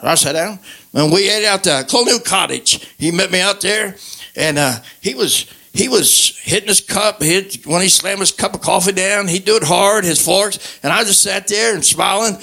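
An older man shares his church testimony in a high, gravelly, bright voice. He talks with folksy grammar and breaks into loud, fervent outbursts. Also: moderate pace. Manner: fervent, emotional preaching delivery with loud outbursts. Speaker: guest giving testimony.

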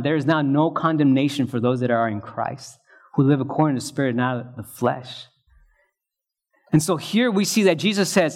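Male pastor, fairly high voice, casual sermon delivery with asides and "right?" checks. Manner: conversational, joking asides, frequent "right?" checks.

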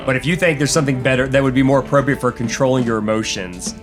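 A man's voice: mid-range voice, fast, music in the background. A man narrating as game master of a tabletop game, rambling and often restarting his sentences. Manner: rambling, laughing, lots of restarts.

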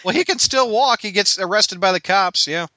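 A man co-hosting a casual podcast, chiming in with quick agreement and laughing often. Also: high-pitched, pushed and bright, dry recording. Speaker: podcast co-host. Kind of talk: casual chat.

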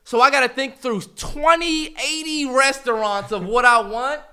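Man, young adult, podcast co-host, high voice, bright tone, heated banter, swearing. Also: a little slow, clear, resonant tone. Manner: animated, swearing, mocking impressions of his brother.

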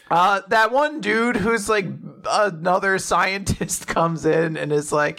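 A man's voice: high-pitched, creaky. A young man casually recapping an anime episode as a podcast host, retelling scenes and acting out characters' lines. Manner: animated retelling, acting out lines in quick voices. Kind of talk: casual chat.

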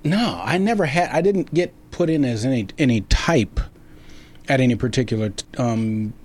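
A man's voice: medium pitch, normal speed, darkish tone. A man being interviewed about his acting career, telling stories in a rambling way with many restarts and fillers. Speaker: actor guest. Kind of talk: casual interview storytelling.

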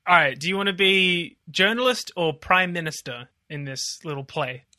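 A young man co-hosting a casual news podcast, trading quick quips. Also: high voice, sharp tone, dry recording, clean studio sound. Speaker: podcast co-host.

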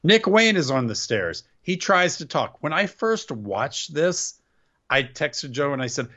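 Podcast co-host, male, sarcastic grumbler recapping shows; lively pitch, dull lo-fi sound. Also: a little slow. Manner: sarcastic, complaining, trips over words. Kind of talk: casual wrestling recap chat.

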